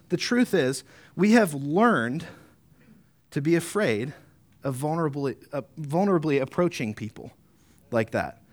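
A man preaching a sermon as pastor, earnest, often adding tag questions, slowing down to read deliberately. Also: a little high, expressive. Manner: earnest, rising to emphatic peaks, slowing to deliberate reading.

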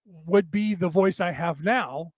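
An older podcast host with graying hair talks slowly into a close, dry mic with no echo, rambling through a casual monologue with restarts and asides. His worn voice is a little high for a man, and he describes it as damaged but penetrating. He sounds worn out after hours of talking.

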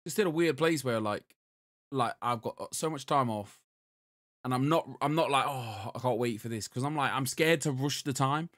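A man's voice: medium pitch, normal speed, fairly bright tone, no room sound, studio quality. A man co-hosting a podcast, rambling and swearing in casual chat. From Britain. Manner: rambling, self-interrupting, swears freely. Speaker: podcast co-host.

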